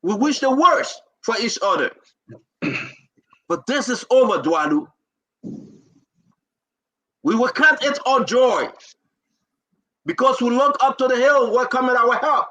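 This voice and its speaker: A man's voice: very high voice, animated, slow pace, long pauses, pushed and bright. A man with a Liberian English accent hosting a talk show, giving an emotional, declamatory political speech and holding back tears. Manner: emotional, declamatory, repeating phrases.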